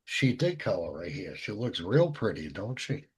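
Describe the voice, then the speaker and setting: A man hosting a casual chat among DJs, asking his co-hosts questions in an animated way. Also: lowish voice, moderate pace, husky. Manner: animated, asks probing questions. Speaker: DJ show host. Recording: muffled lo-fi audio.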